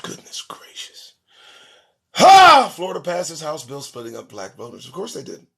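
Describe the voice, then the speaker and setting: A man's voice: fairly high pitch, huge pitch swings, fairly quick, sharp tone. A man hosting his own show, reading news headlines and ranting about them in a profane, sarcastic way. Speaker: show host. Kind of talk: solo commentary on news headlines.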